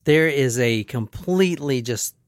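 A man's voice: mid-range voice, expressive, no echo. Male host, crude comedic storyteller, close dry recording. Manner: crude joking, quick narrating. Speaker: podcast host. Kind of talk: casual comedic chat, reading a case.

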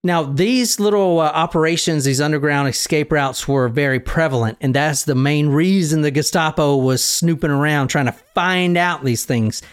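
A man telling a story casually as a podcast host, profane and animated, laughing often. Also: a little high, moderate pace, hardly any pauses, smooth.

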